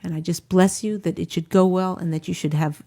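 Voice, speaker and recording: A woman's voice: lowish voice, steady tone, brisk, warm tone. A woman hosting an advice talk show, giving frank counsel and acting out sample conversations. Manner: gives frank advice, acts out sample dialogues.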